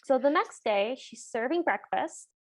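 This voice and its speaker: A woman's voice: high voice, lively intonation, unhurried, no echo. A woman co-hosting a podcast, casually summarizing a film's plot in a chatty way, often saying "like". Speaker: podcast co-host. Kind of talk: casual chat recapping a film.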